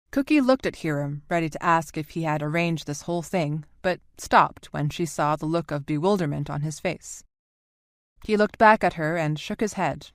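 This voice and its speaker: Low-voiced woman narrating an audiobook. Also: dry recording, studio quality.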